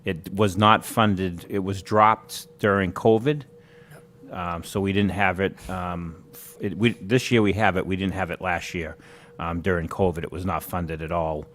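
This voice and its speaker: A man answering questions at a school meeting, halting and hesitant, with many ums. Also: sits low, fairly even intonation, a bit bright, a little hiss or hum.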